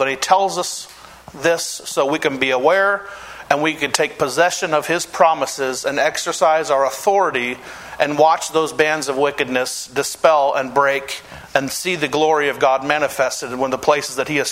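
Earnest preaching man, slightly high voice. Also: steady tone, fairly bright tone, low-quality recording. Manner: earnest storytelling, preaching with slowed emphatic phrases. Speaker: pastor. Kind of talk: sermon with personal testimony.

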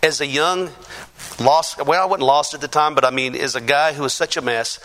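A man, a pastor, giving a lively testimony sermon to a congregation in a church, acting out the voices of the people in his story. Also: a little high, moderate pace. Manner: animated storyteller, acts out quoted voices.

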